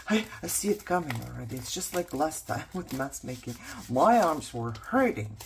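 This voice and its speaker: Lady crafter rambling to herself at her table, kinda low voice, takes her time, jokey and self-mocking. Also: very animated, unhurried, noisy background. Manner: chatty, self-mocking, talks to herself while working. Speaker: craft vlogger. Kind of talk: casual crafting chatter.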